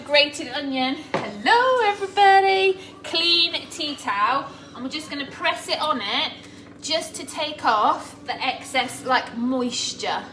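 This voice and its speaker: A cooking vlogger with a high, sharp-toned voice chats and laughs often with live viewers while she cooks in her home kitchen. She's recorded from a distance, with slight background noise, echo, and the clatter of pots.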